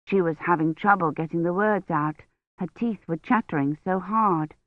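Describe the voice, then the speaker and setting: A woman narrating an audiobook in a measured, even storytelling manner, on tinny, dry phone-like audio. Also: lowish voice, no echo. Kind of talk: scripted narration.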